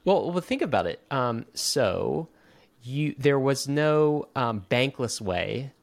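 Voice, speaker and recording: Guy cohosting a podcast, joking around, fast bursts, restarts a lot, normal middle pitch. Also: animated, vocal fry, dry recording. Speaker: podcast co-host. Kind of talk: casual chat.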